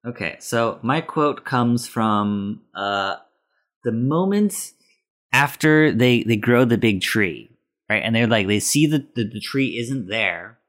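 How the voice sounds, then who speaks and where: A man's voice: mid-range voice, animated, slow, a bit bright. Man, podcast co-host, casual movie chat, loose rambling explanations. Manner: explains rules loosely with fillers.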